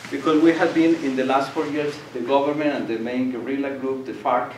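A man's voice: medium pitch, a little fast. Older man lecturing in echoey room. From Colombia. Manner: animated storyteller, acts out voices and laughs. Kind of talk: public lecture with storytelling. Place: lecture hall. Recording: echoey room, distant mic, faint noise.

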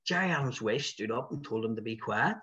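A man's voice: medium pitch, fairly quick, muffled recording. A man with a Belfast accent, a stand-up comedian telling anecdotes in a casual way and acting out other people's voices. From West Belfast, Northern Ireland. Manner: animated storyteller who acts out the voices of other people.

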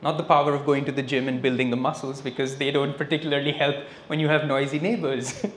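A man giving a public spiritual lecture, telling stories with a lively delivery and dropping in Hindi phrases. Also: medium pitch, quick pace. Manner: lively storyteller, switching between English and Hindi phrases. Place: lecture hall, indoors. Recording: echoey hall with faint noise.

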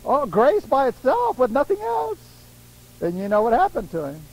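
A man preaching a sermon in a lively way, laughing often and acting out the voices of people he quotes. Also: extremely high pitch, moderate pace, gravelly, poor audio.

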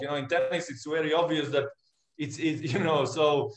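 A man's voice: a little high, steady tone, normal speed. A male tennis coach giving frank, opinionated views as a guest in a casual chat. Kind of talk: casual video conversation. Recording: roomy, echoey room.

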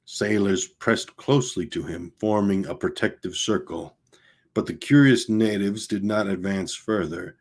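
A man's voice: lowish voice, measured pace. A man reading a novel aloud in an unpolished, homemade style, with restarts and casual asides. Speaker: audiobook reader.

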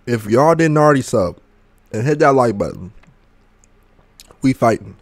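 A man's voice: mid-range voice, lively intonation, normal speed. A young man gaming and chatting casually, out of breath and burning from hot wings, groaning and joking between exclamations. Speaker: gaming YouTuber.

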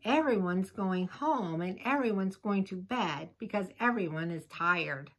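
A woman's voice: mid-range voice, expressive, measured pace. A woman voicing a patient male rabbit in a storybook, coaxing a little frog to bed.

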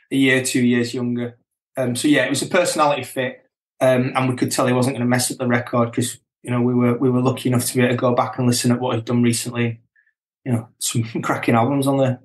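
A middle-aged man and band member chatting casually as a guest, relaxed and chuckling, often restarting his sentences. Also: mid-range voice, roomy sound. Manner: relaxed, chuckling, self-correcting. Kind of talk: casual chat.

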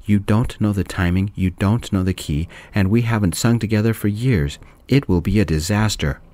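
A man voicing an earnest, worried young brother in a soft-spoken storybook reading. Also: lowish voice, normal speed, close to an everyday voice.

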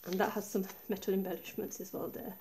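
A woman's voice: medium pitch, fast, noisy background. A woman walking through a handmade craft project in a casual, chatty show-and-tell, recorded on a tablet set up above her desk. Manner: chatty, relaxed, pointing things out step by step. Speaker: craft tutorial maker. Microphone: tablet camera set high above the desk.

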